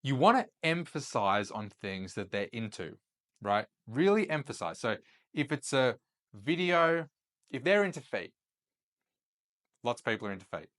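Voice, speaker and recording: A young man explains his tips in a loose, casual teaching style, often tacking "right?" onto his points. His voice sits at an ordinary middle pitch. He sounds like a host talking straight to his viewers. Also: sing-song, unhurried, long pauses, fairly bright tone. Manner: loose and chatty, checks in with "right?" after points. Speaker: host and chat-sales coach. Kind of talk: casual instructional talk to camera.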